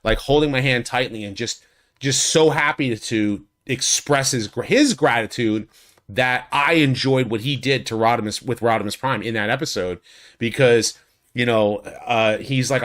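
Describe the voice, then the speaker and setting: A man's voice: normal speed, fairly bright tone. A man giving a casual, rambling video recap of a fan convention, talking into a studio USB microphone. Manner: rambling, with many restarts and likes; acts out quotes in a much higher voice. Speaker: YouTube host recapping a convention. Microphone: USB studio condenser mic.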